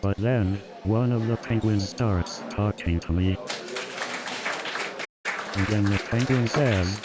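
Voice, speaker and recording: A synthetic male stand-up comic runs through one-liner after one-liner, chuckling between jokes. His voice sits a little low for a man. A loud crowd and pounding music fill the background. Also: slow pace, pauses often. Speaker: stand-up comedian. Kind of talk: stand-up comedy routine.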